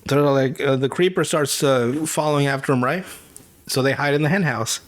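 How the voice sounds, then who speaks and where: With a medium-pitched voice, this male podcast host swears his way through a casual retelling of a cartoon episode, frequently laughing and briefly imitating the characters.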